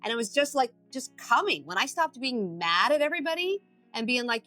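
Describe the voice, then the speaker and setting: A woman with a bright, forceful voice and a fairly high pitch speaks as a guest on a casual podcast. She tells animated stories and acts out her own inner voice, swearing freely. The recording is dry and close, with faint music underneath. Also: fairly quick, no echo. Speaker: addiction recovery expert and podcast guest.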